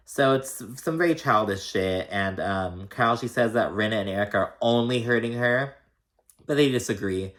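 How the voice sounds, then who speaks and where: A man's voice: lowish voice, moderate pace, a bit bright. A man casually recapping a reality show, opinionated and profane, who acts out the cast members' lines in exaggerated voices. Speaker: recap host.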